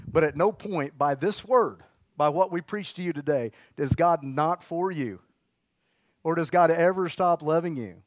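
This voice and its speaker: High-voiced preacher, dry close sound. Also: male voice, no room sound. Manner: energetic, exclamatory, leads call-and-response. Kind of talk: sermon.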